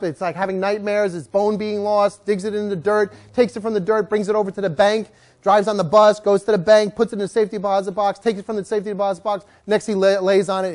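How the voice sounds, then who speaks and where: Animated dog trainer giving a talk. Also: mid-range voice. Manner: animated, acts out what dogs are thinking.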